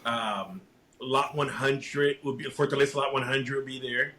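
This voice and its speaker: A man as a podcast guest, answering casually and thoughtfully with hesitant pauses. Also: medium pitch, fairly even intonation, pushed and bright, a little hiss or hum. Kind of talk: casual interview chat.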